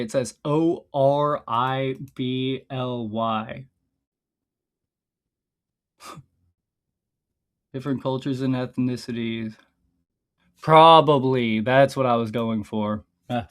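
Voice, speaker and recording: A man's voice: mid-range voice, steady tone, slow, long pauses. A man streaming casually, reading his own scripts aloud in a loose, rambling way, swearing a lot and often stopping to laugh at his own lines.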